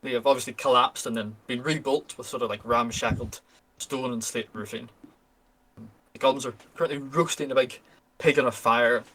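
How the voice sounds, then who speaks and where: A man running a tabletop game, narrating the scene in a relaxed, casual way with plenty of fillers. His voice sits at an ordinary middle pitch. Keyboard typing comes through faintly behind him. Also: normal speed. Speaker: game master.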